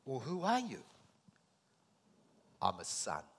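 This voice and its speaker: A man preaching a sermon, acting out scripture dialogue and swinging between loud emphatic lines and soft intimate ones. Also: mid-range voice, wildly swooping pitch, takes it slowly, slightly rough.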